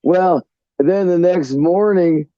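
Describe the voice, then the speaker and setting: A man's voice: high voice, slow pace, warm tone, no room sound. A man rambles through a story with plenty of cursing and restarts, taking his time over every sentence. His voice comes through a dull, lo-fi line with no room sound around it. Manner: rambling, profane, restarts often. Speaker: caller. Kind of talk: casual storytelling on a call-in show.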